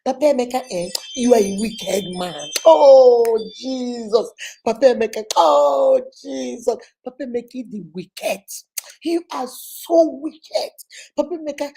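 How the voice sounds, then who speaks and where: Nigerian lady doing a furious wife ranting at her husband, high mellow voice, over the top. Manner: ranting, theatrical, scolding. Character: angry accusing wife, middle-aged, dramatic.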